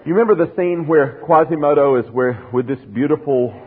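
A man's voice: medium pitch, moderate pace, husky. A man preaching a sermon in an earnest, emphatic teaching manner, asking his listeners rhetorical questions. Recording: phone-like radio broadcast in a reverberant hall.

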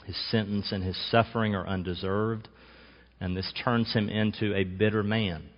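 A man with a fairly low voice delivers a sermon, measured and emphatic, leaning hard on key words. The sound is a bit dull and muffled, with long reverb trailing behind him. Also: fairly even intonation. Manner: measured, emphatic preaching with slow stressed phrases. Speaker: pastor.

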